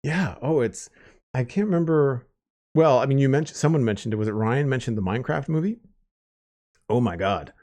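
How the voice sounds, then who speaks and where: A man's voice: mid-range voice, lively intonation, a little fast, dark tone. Chatty man hosting a podcast roundtable. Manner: rambling, with frequent restarts and "like". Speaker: podcast host. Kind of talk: casual roundtable chat.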